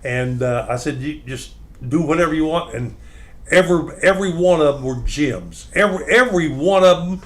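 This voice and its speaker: A man's voice: a little high, expressive, brisk. A man hosting a radio morning show, reminiscing in casual chat. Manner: reminiscing, rambling with restarts.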